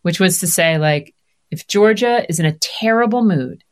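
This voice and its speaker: Lively woman talking candidly. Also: lowish voice, moderate pace. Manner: animated, acts out quoted voices. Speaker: podcast guest. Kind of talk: candid conversational interview.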